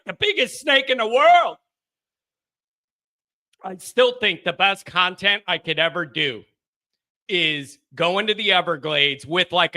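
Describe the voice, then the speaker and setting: A man hosting a live fan call-in stream, rowdy and jokey, reading chat comments and riffing loudly. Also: high voice. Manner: rowdy and excitable, jokey, shouts bits for effect. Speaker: host of a fan call-in show.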